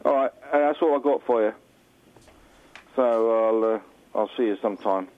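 A man calling into a radio show, deadpan and pedantic, heard over a phone line. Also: on the low side, moderate pace. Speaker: caller. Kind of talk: phone-in chat.

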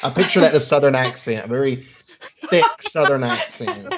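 A man's voice: mid-range voice, animated, moderate pace, background noise. A man chatting casually as a guest, with a dry joking manner. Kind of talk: casual chat. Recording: dull lo-fi sound.

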